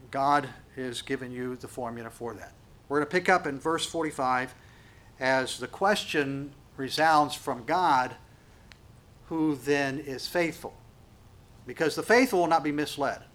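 A man's voice: on the high side, fairly bright tone. A male pastor preaching a sermon, stressing key words and asking rhetorical questions. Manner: rising and falling emphasis, rhetorical questions.

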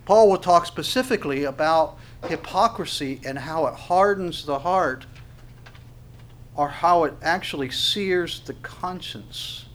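Male pastor, slightly high pitch, expository sermon delivery, emphatic and questioning. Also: fairly bright tone, a little hiss or hum. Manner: preaching with rising emphasis, rhetorical questions, frequent restarts.

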